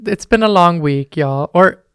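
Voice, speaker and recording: Hoarse woman co-hosting a chat show. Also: fairly low pitch, expressive, measured pace. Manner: sassy, upbeat banter. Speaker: podcast co-host. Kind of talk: casual chat.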